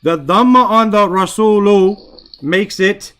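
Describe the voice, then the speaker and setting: A man's voice: sits high, takes it slowly, a bit bright. Man teaching Arabic grammar on a call. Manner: casual, explains in English and recites Arabic phrases, asks "right?" often. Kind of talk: online Quran grammar class.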